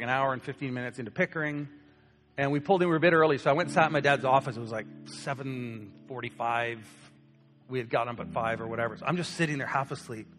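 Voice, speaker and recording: A young man preaching, telling a personal story with lively acted-out voices. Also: medium pitch. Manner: animated storyteller acting out quoted voices. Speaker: pastor. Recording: long hall reverb with soft guitar.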